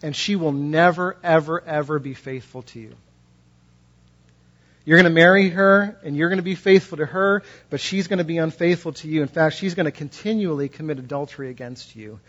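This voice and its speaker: Emphatic, fairly high-voiced male preacher. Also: a little fast, a bit bright, highs cut off. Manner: passionate storytelling, emphatic repetition. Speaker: pastor. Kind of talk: sermon.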